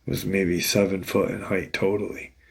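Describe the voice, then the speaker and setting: Slow gravelly guy rambling through a creepy story, husky and kinda low. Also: level tone. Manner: rambling, loose, with restarts and "you know". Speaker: channel host retelling encounter stories. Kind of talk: casual storytelling narration.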